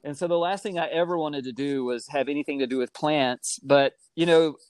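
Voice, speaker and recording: A man's voice: a little fast, clean tone, no room sound. Man telling a story, dry close sound. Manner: animated, acts out quoted voices with big pitch jumps. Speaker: guest telling his life story. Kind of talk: casual conversational storytelling.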